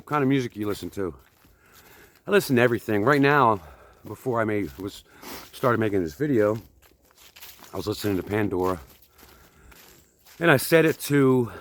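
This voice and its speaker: A man in his fifties from the United States, chatting casually while walking outdoors on a hike. He rambles and pokes fun at himself, a little out of breath. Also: lowish voice. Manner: rambling, chatty, self-deprecating. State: slightly out of breath. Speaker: vlogger.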